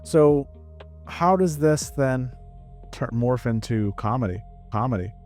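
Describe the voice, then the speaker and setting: Man asking gentle probing questions. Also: mid-range voice, lively intonation, slow pace, faint music behind. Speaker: podcast host. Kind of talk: casual interview.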